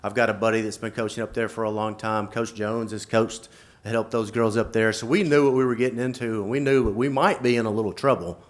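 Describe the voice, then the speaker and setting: A man who coaches football, giving a halting, emotional speech at a school board meeting with nervous laughs. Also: lowish voice, fairly even intonation.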